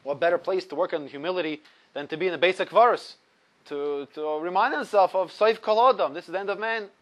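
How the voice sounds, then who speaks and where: A man with a high voice teaching a religious ethics class. He tells the story animatedly, rising loud and dropping low as he goes. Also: brisk. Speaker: Torah teacher. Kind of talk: ethics lesson with a told story.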